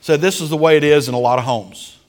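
A man preaching a sermon as a pastor, telling stories dramatically and with lively animation. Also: fairly high pitch, quick pace, in a large hall.

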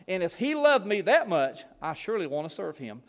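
A man's voice: sits high, sing-song, brisk, big-room sound. A man preaching a sermon, telling folksy stories as a former missionary. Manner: folksy storytelling, Southern phrasing. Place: church.

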